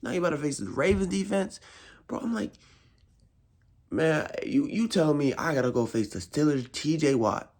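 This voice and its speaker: A young man, a frustrated football fan, ranting in casual slang, repeating himself and swinging his voice high in exasperation. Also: animated, normal speed, a little mellow. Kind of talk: casual rant.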